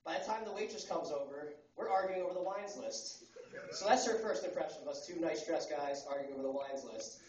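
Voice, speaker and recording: A man in his twenties from the United States doing a stand-up comedy set at a coffee house, talking fast and crudely with rambling fillers. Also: fairly high pitch, a little mellow. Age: 20s. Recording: roomy, distant, muffled live recording.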